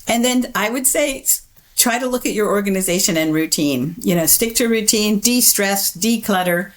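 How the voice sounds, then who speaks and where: A middle-aged woman, a memory researcher, giving measured, explanatory interview answers and laughing easily. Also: mid-range voice, animated.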